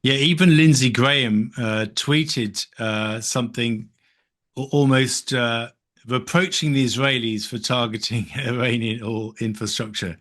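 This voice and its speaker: A man's voice: medium pitch, fairly even intonation, measured pace, a bit bright. A man hosting an interview, asking questions in a hesitant way with many filler sounds. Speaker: podcast host.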